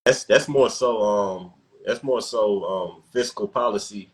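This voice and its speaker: A man's voice: lowish voice, measured pace, rough recording. A man hosting a podcast in casual chat, laid-back, laughing often and restarting his sentences. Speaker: podcast host.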